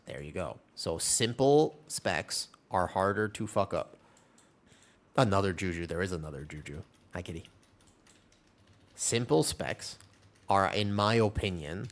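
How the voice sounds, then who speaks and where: Male game streamer, lively pitch, rambling chatty callouts while tanking. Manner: animated, rambling, mixes callouts with banter. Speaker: game streamer and tank player. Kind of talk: live gameplay commentary and chat with viewers.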